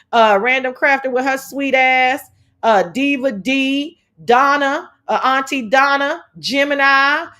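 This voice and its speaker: Woman host, sassy and profane, high bright voice; casual livestream commentary. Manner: sassy, profane, animated storytelling.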